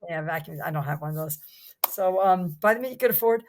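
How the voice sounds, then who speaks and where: An older woman from New Jersey chats casually as a podcast guest, speaking fast in a fairly low voice. She's enthusiastic and rambling, with lots of restarts.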